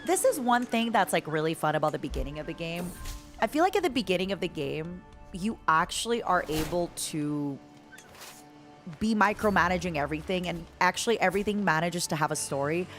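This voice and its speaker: Woman game streamer, playful and joking, very expressive pitch. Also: a little fast, faint music behind. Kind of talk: casual gameplay chat.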